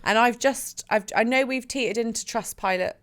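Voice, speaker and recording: A woman's voice: on the high side, moderate pace, fairly bright tone. Laughing West Country woman reading facts. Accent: West Country English. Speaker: podcast co-host. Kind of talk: casual chat.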